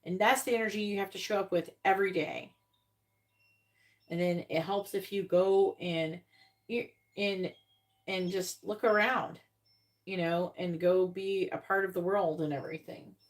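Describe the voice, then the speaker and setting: A woman giving a live-stream tarot reading in a blunt, casual manner, swearing freely. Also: on the low side. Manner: blunt, casual, swears, acts out quoted voices. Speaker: tarot reader.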